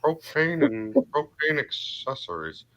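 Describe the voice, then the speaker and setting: A man doing an impression of a middle-aged cartoon propane salesman, reading chat messages in a slow twang. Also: fairly high pitch, very animated, fairly bright tone, lo-fi sound, voice pushed up, heavily acted. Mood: folksy. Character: drawling middle-aged male propane-selling cartoon dad.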